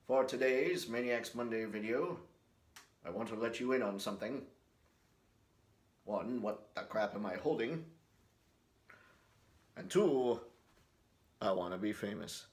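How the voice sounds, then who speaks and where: A man's voice: medium pitch, a bit bright, echoey room. A man hosting his company's video series, talking straight to camera in a goofy, shameless way. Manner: goofy, shameless, breaks into silly voices. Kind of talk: jokey direct-to-camera talk with impressions.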